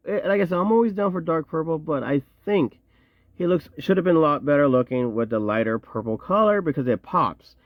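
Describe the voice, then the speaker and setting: A man's voice: fairly high pitch, dry recording, narrow, tinny audio. A man casually reviewing action figures from his collection, chatty and slangy, with joking asides. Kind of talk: casual show-and-tell review.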